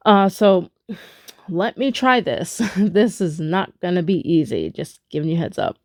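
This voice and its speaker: A woman gives a spoken rhythm lesson, slow and halting as she chants rhythm syllables over and over. Her voice sits low with a gravelly fry. The room sounds dry and close. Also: expressive, no echo. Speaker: music teacher.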